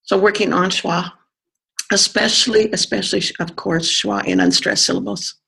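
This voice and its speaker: An accent coach explaining pronunciation in conversation, pausing to think and sounding out vowels to demonstrate. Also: mid-range voice, big pitch swings, creaky, bright, forceful tone, slightly rough. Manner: thoughtful, pauses with fillers, sounds out vowels to demonstrate.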